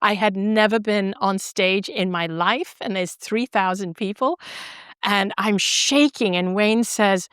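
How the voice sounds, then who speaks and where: A middle-aged woman tells her story as a podcast guest, expressive and animated, with a ready laugh. Her voice is smooth and resonant. It is recorded close and dry, with no room sound. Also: mid-range voice, takes it slowly, no room sound. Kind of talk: storytelling in an interview.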